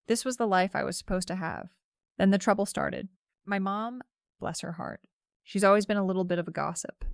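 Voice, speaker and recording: A woman's voice: lowish voice, gravelly, dry recording, studio quality. A young woman narrating a first-person story in a casual, chatty way, with lots of "like" fillers.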